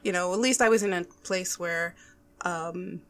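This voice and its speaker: A woman's voice: on the low side, unhurried, slight background noise. A woman co-hosting a podcast, chatting casually and acting out her own reactions as she tells stories. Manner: excitable, animated storytelling, acts out her own reactions. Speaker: podcast co-host. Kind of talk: casual chat.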